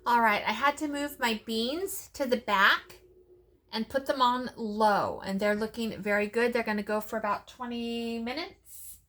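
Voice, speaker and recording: A woman's voice: on the high side, steady tone, unhurried, fairly bright tone. A middle-aged woman hosting a casual cooking vlog, chatting along with sassy asides as she works. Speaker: cooking channel host.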